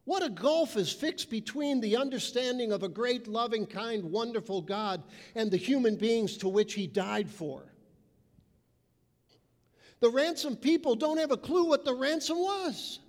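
Guy preaching a sermon, pretty high voice, big echoey hall. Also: lively intonation, measured pace, darkish tone. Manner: emphatic preaching, mimicking people's voices. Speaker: pastor. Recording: reverberant hall.

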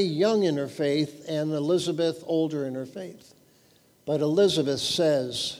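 A man preaching a sermon, earnest and emphatic, dropping lower and quieter when he reads scripture. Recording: long hall reverb.

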